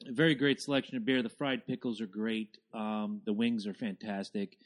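A man co-hosting a podcast in casual, profane, excitable chat. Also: lowish voice, normal speed. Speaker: podcast co-host.

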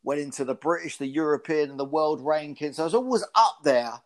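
A man's voice: fairly high pitch, brisk. A man from the UK in his fifties, a former pro boxer telling stories in an interview, with frequent restarts. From United Kingdom. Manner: animated storyteller with frequent restarts. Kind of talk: casual interview storytelling.

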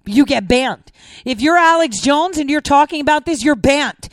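An impassioned woman commentator pours out a repetitive, outraged monologue, close to tears. Her voice sits on the high side and the sound is dry, with no room echo. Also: expressive, moderate pace. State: near tears.

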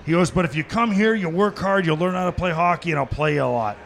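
A middle-aged man with a high voice spins stories on a live podcast taped in a sports bar. He acts out every quote and breaks into laughter and shouting at the punchlines. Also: fast talker, gravelly. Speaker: podcast guest. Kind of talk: animated storytelling.

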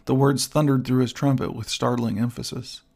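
A man narrating an old-fashioned adventure story in a measured reading style. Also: mid-range voice, steady tone, vocal fry, darkish tone. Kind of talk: audiobook narration.

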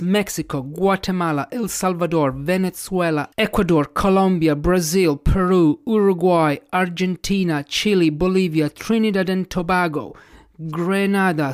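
A man hosting a casual podcast interview at home, reading out a long list and admitting when he is unsure of pronunciations. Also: high-pitched. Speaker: podcast host.

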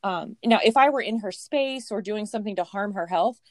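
A woman in her thirties telling a personal story in a casual, animated way, laughing often and acting out what people said. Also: mid-range voice, fairly quick, dry recording, clean studio sound. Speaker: storyteller guest.

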